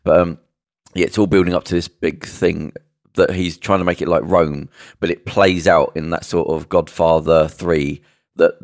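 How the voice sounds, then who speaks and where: Brief: low, gravelly male co-host, casual, halting storyteller, dry close sound. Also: fairly even intonation, no room sound. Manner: rambling, halting retelling with many fillers and restarts. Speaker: podcast co-host. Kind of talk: casual chat.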